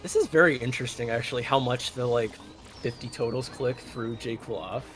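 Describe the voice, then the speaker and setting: A man's voice: mid-range voice, fairly quick, noisy background. A man casually commentating a live video game race, analytical and chatty with lots of filler words. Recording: faint music behind.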